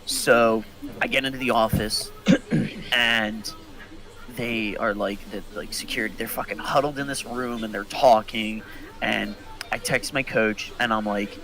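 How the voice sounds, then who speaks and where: A young man, a podcast co-host, telling a story in casual chat and acting out the quotes with big jumps in pitch. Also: fairly even intonation, unhurried, sharp tone, poor audio.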